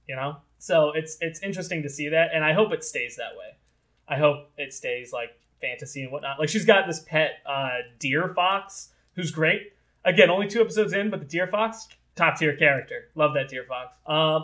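Bright-voiced young podcast host. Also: male voice, a little high. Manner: rambling, filler-heavy, upbeat. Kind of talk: casual podcast chat.

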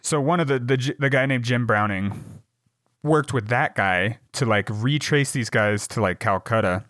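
Male co-host, mid pitch, rambling and swearing, dry close recording. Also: a little slow, a bit bright, dry recording. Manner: rambling, many fillers, swears, mimics scammers. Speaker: podcast co-host. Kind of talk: casual chat.

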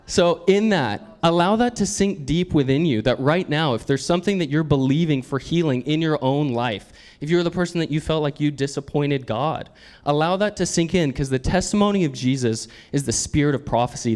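A man's voice: on the high side, normal speed, a little mellow. A man preaching a sermon in an earnest, conversational way, often laughing as he talks.

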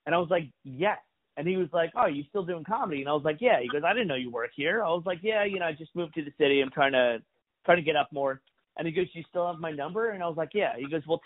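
A comedian telling a long story in a casual chat, swearing freely and acting out the lines of the people he quotes. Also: a little high. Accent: New York. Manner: profane, animated storytelling with acted-out quotes. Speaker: comedian guest. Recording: phone-like lo-fi audio.

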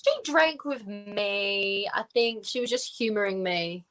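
A woman co-hosting a casual podcast, animated and quick to react. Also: mid-range voice, loud music behind the voice. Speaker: podcast co-host.

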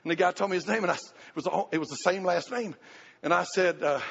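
A man's voice: high-pitched, fast talker, gravelly, fairly bright tone, husky, long reverb tail, dull audio. A middle-aged pastor giving a folksy, conversational sermon, often restarting his sentences.

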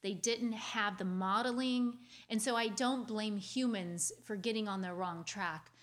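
A woman sharing a painful childhood story with her audience in an earnest, confiding way, talking quickly and restarting her phrases as she speaks. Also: mid-range voice, fairly bright tone. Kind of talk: heartfelt personal storytelling.

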